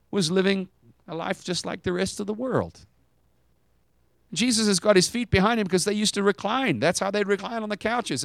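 A man preaching a sermon, retelling a story dramatically and swinging between loud high bursts and hushed low passages. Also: dry recording.

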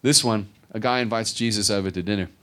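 A middle-aged male pastor delivers a sermon in a lowish voice, talking fast. He's animated, taking on the voices of the Bible figures in his story.

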